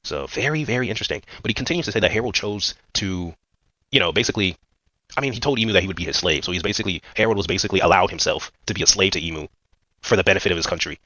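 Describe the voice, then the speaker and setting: A man's voice: low-pitched, racing, sharp tone, no room sound, lo-fi sound. A man giving a casual, rambling recap of a manga chapter, full of fillers and slang. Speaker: manga commentator.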